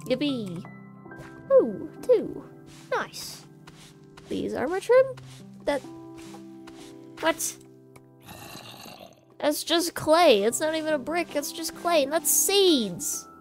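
A woman's voice: sits high, very animated, slow, long pauses. A woman hosting a gaming channel, giving casual commentary as she plays and chatting playfully to the game. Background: faint game music.

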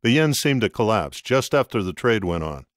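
A man narrating an audiobook in an expressive, scripted reading. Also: on the low side, normal speed, no room sound, studio quality.

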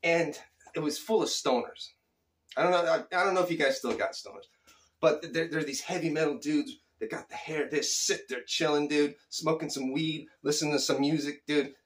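A middle-aged man from Phoenix, Arizona, telling a childhood story casually, animated and chuckling, with loose slang. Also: fairly high pitch, normal speed.

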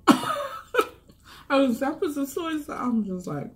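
A woman co-hosting a mukbang, chatting casually over the meal and praising the food in a relaxed, drawn-out way. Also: high voice. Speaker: mukbang co-host. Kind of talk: casual chat while eating.

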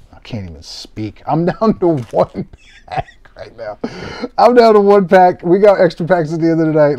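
A young man casually commentating a live sports-card break, excitable and self-mocking, swearing freely. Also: on the high side, dry recording.

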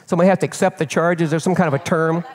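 An older man preaching as a pastor and telling a personal story in an animated, candid way, often repeating words as he builds. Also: a little high, very fast, some chatter behind. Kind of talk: storytelling sermon. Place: church sanctuary. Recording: long reverb of a church hall.

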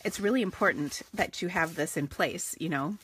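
Chatty craft-stream host, a woman with a slightly husky voice, relaxed and rambling. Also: on the low side, moderate pace. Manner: chatty, rambling, laughs often. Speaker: stamping and card-making host. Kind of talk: casual live-stream crafting chat.

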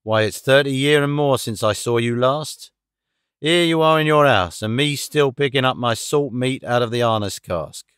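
A man voicing a sly, rough old sailor. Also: mid-range voice, moderate pace, a bit bright, no echo, clean studio sound, natural voice. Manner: rough, common seaman's speech. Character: sly old male sailor, cringing and sinister.

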